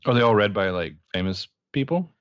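A man with a lowish voice co-hosts a casual podcast chat, cracking jokes and laughing between his lines, his talk full of ums and likes. The recording is dry and a bit muffled, with no room sound. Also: very animated, a little fast, clean tone, no echo. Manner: jokey, laughs often, filler-heavy. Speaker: podcast co-host.

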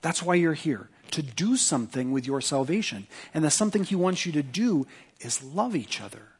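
Husky-voiced man preaching a sermon. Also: a little high, sing-song. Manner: earnest preaching, reads scripture aloud with emphatic pauses. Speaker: pastor. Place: church sanctuary.

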